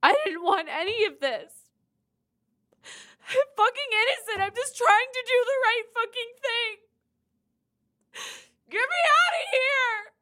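A woman playing a young woman prisoner in a tabletop game, pleading tearfully in a high voice. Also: animated, measured pace, long pauses, pushed and bright, heavily acted. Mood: desperate pleading.

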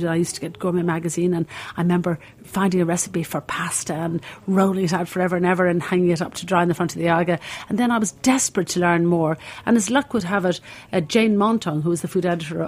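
A woman's voice: fairly low pitch, a little mellow, breathy edge. A woman in her sixties with an Irish accent, the founder of a cooking school, telling long stories in a rambling way full of fillers and restarts. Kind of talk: reflective anecdotal storytelling.

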